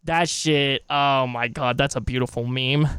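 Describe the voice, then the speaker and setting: A man's voice: mid-range voice, fairly even intonation, a little slow, fairly bright tone, clean tone, no echo, studio quality. A young man streaming live, chatting loosely with his chat as he sets up a reaction video, rambling and swearing casually.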